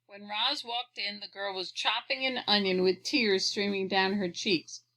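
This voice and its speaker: A woman reading a children's storybook aloud, clearly and expressively. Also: medium pitch, fairly even intonation, unhurried, pushed and bright, poor audio. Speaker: audiobook reader.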